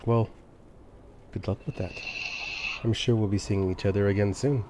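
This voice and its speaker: A man's voice: fairly low pitch, steady tone, moderate pace, noisy background, natural voice. A man voicing an aloof male unicorn in a tabletop game, dry and offhand.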